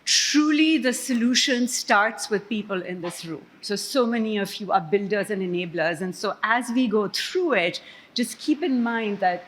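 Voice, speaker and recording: A woman's voice: mid-range voice, lively intonation, moderate pace. Woman giving a panel talk. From Pakistan. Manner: conversational, self-deprecating storyteller. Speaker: economist panelist. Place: conference stage before an audience.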